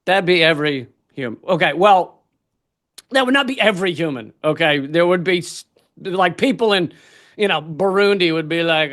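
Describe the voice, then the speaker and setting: Give me a high-pitched male comedian ranting exasperatedly through a stand-up set. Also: moderate pace. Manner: ranting, exasperated, profane, bursts into shouts. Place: convention stage.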